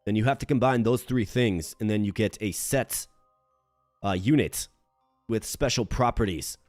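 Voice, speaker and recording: A man's voice: normal speed, no room sound, soft background music. Chatty streamer man from Minnesota. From Minnesota, United States. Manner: animated when greeting chat, low and muttering while planning moves. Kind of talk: live-streamed game commentary.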